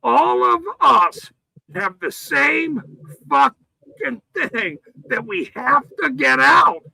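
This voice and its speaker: A man hosting a livestream, ranting with heavy profanity and frequent shouting. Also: very high-pitched, lively intonation, takes it slowly, vocal fry, dry recording, low-quality recording. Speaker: livestream host.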